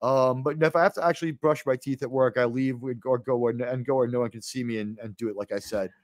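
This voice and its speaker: A man hosting a casual live podcast, talking in an animated, exasperated way with frequent swearing. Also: fast talker, no echo. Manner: animated, swears often, jumps to high exasperated pitch. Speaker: host.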